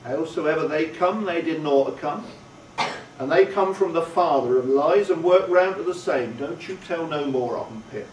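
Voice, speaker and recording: A man voicing a kindly, simple village blacksmith who speaks in a slow, drawling country way. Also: fairly high pitch, a little hiss or hum, lightly acted. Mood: earnest, kindly. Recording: roomy, distant, faint ambience.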